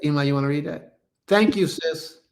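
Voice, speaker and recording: A man's voice: fairly high pitch, moderate pace, gravelly. A man leading an online religious service over a live stream, preaching casually, repeating himself for emphasis and calling his listeners family. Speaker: congregation leader.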